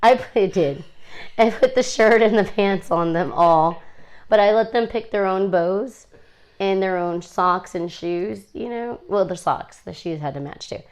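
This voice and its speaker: A woman in her thirties, a lawyer and mother appearing as a guest, chats and tells stories about her kids in a casual interview. Her mid-range voice is clean in tone, a little mellow and measured in pace, and she acts out her kids' lines as she goes.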